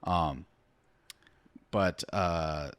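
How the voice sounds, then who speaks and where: A man, an author, chatting casually on a podcast, rambling and dropping quieter when he turns earnest. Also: low voice, very slow, no echo.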